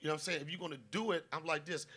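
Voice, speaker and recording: A man's voice: a little high, fairly even intonation, rapid-fire, a bit bright, slightly rough. A man hosting a live comedy podcast, talking casually and profanely, acting out quotes and interrupting himself. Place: live audience show.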